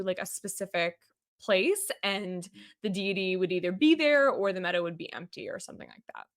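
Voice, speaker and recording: A woman's voice: medium pitch, dry recording, studio quality. A woman from Boston hosting a podcast, telling a personal story in a chatty way with lots of fillers and frequent laughs. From Boston, USA. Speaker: podcast host.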